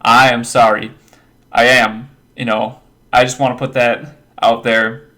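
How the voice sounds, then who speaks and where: A man's voice: mid-range voice, little pitch movement, a little slow, sharp tone. Profane, rambling man ranting to a webcam. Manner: profane, emphatic pep talk; rambling, repeats himself. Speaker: webcam video maker.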